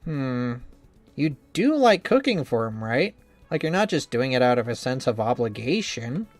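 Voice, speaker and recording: A man's voice: mid-range voice, big pitch swings, normal speed, dry recording, faint music behind. A man reading a visual novel game aloud as the male lead, wry, teasing and blunt in manner. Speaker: game narrator and reader.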